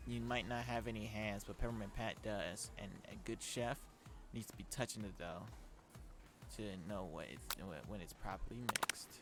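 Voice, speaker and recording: Brief: man doing a prim appliance judge in a dating-sim read, soft and lecturing. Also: lowish voice, normal speed, loud music behind the voice, natural voice. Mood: chiding.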